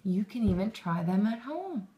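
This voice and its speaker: A woman's voice: mid-range voice, sing-song, normal speed, muffled recording. A woman teaching a lesson to young children, encouraging them and praising often, with questions drawn out.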